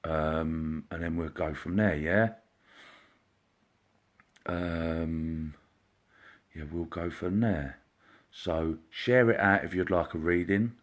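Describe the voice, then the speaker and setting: A man, a psychic medium, hosting a casual live stream, chatty and greeting viewers by name, sometimes dropping into a quiet murmur. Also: deep voice, fairly even intonation, takes it slowly, long pauses. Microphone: computer or phone mic, live stream.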